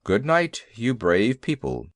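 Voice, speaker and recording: A man voicing a pair of slow, plain-spoken male oxen who talk in a simple, stolid way. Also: mid-range voice, wildly swooping pitch, no echo.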